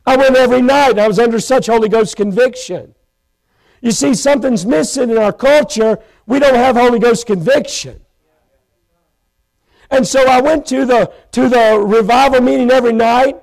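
A preacher gives a heartfelt testimony from a church pulpit. His voice sits unusually high for a man and carries a gravelly rasp. He swings between stretched-out, emphatic phrases and full-throated shouts. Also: low-quality recording. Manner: impassioned, bursts into shouts, slows for emphasis. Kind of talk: sermon testimony. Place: church pulpit, live stream.

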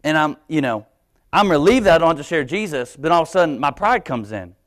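Man, young adult, preacher, lively sermon storytelling, church service. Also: fairly high pitch, fast talker. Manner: animated storytelling, acting out his own inner voice. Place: church sanctuary, live stream.

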